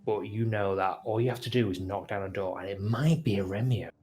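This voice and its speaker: Male game master, lowish voice, relaxed narration with fillers. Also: a little fast, soft background music.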